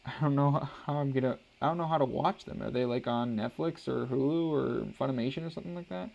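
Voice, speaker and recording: A man's voice: mid-range voice, fast talker, creaky, a little mellow, dull audio. A young man, a father, chatting casually and rambling with many restarts while he draws on a live stream. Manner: rambling, hesitant, full of restarts and "like". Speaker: artist streaming a drawing session.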